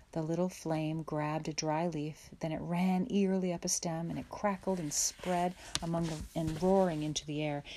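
A woman reading a children's chapter book aloud in a gentle, measured storytelling way. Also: low-pitched, creaky. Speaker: audiobook reader. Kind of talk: storybook read-aloud narration.

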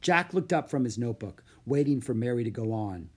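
An audiobook reader narrating a children's chapter book with lively, animated delivery. The voice carries a husky, slightly breathy grain, and the reader acts out every character. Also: medium pitch, fairly quick.

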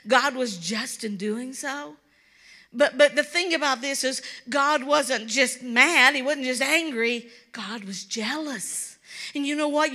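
High bright Kentucky woman preaching. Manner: earnest, pleading, repeats words when emphatic. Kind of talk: sermon.

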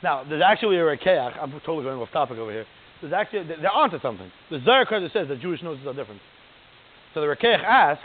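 A man giving a lively, digressive lecture as a religious teacher, often checking in with "right?". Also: on the high side, racing, slight background noise. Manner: animated, digressive, keeps asking "right?". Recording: tinny phone-like line.

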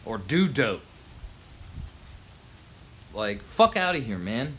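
A man's voice: mid-range voice, big pitch swings, slow pace, sharp tone, slight background noise. Angry swearing man ranting. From Baltimore, USA. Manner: heated, swearing, slangy. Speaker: local resident ranting. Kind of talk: angry profane rant.

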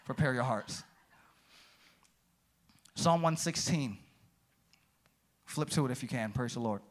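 A man preaching a sermon as pastor in a church, swinging from loud high peaks down to low quiet asides and calling out to the congregation. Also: takes it slowly. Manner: energetic, rises to high shouted peaks then drops low; calls out "come on", "praise the Lord" to the congregation.

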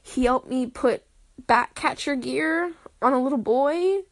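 A young woman recording a personal audio diary, telling her story in an emotional, halting way with sighs and broken-off words. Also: high-pitched. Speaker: podcaster.

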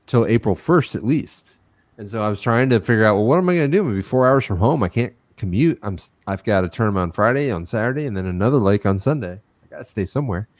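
A man co-hosting a podcast, telling a rambling, excited story in casual chat with some self-mockery. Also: on the low side, no echo. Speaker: podcast co-host.

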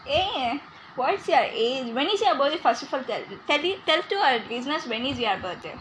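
A woman's voice: high voice, animated, normal speed, fairly bright tone, a little hiss or hum, rough recording. A young woman hosting a casual podcast, chatty and teasing, laughing often. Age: young adult. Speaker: podcast host.

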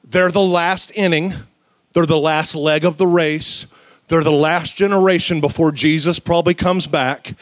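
A male pastor preaching a sermon, animated and conversational, mixing humorous storytelling with sudden loud outbursts and slow, drawn-out emphasis. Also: fairly high pitch, no echo. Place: church.

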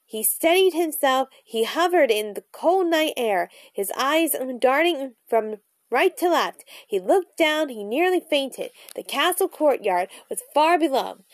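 A woman's voice: high voice, no echo. Bubbly woman reading a storybook aloud. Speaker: storybook reader vlogger. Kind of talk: reading a children's book aloud.

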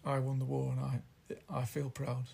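A man talks casually about songs, pausing and restarting as he reads out lines. His voice is gravelly and a little husky. He speaks at a middle pitch. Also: monotone, dark tone. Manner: rambling, hesitant, reads out lyrics. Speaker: podcast host reviewing an album. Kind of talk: casual chat.

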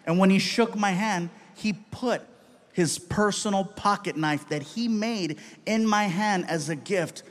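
Brief: male stand-up comic, lively and punchy, voice on the high side. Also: a little slow. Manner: animated, punchy delivery. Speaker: comedian. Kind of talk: stand-up comedy storytelling.

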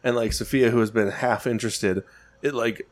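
A man's voice: medium pitch, fairly even intonation, normal speed. A man co-hosting a podcast in loose casual chat, swearing often and breaking into laughter. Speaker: podcast co-host.

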